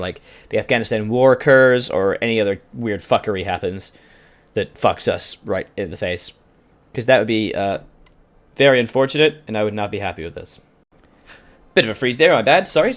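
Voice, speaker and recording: A man casually commenting on his strategy game as he plays, swearing freely and answering questions from his live chat. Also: on the low side. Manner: chatty, profane, reads out chat questions. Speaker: video game streamer.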